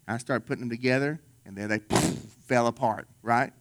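A middle-aged man preaching a sermon in a conversational, storytelling way, dropping low and soft when he quotes others. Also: expressive, normal speed. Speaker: pastor.

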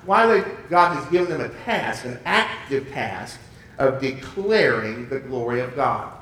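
A man's voice: mid-range voice, sing-song, unhurried, fairly bright tone. Man preaching in an echoey church. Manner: emphatic preaching with frequent restarts. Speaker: pastor. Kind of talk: sermon. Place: church sanctuary. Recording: echoey room, voice from far off.

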